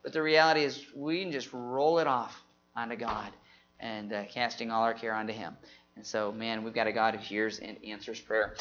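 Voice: medium pitch, fairly even intonation, normal speed, a bit bright, muffled recording. A Bible class leader running a group memory drill, talking energetically and often saying "man".

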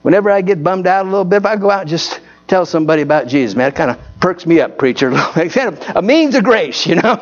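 A man's voice: high voice, animated, quick pace, few pauses, highs cut off. A man preaching a folksy Baptist sermon, telling stories and repeatedly asking his congregation for an amen.

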